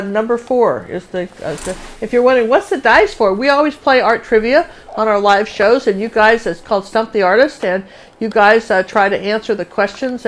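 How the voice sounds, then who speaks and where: Chatty woman teaching a live painting class. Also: medium pitch. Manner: chatty, rambling, sings little "do do" rhythms while drawing. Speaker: painting instructor and show host. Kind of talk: live painting lesson with casual chat.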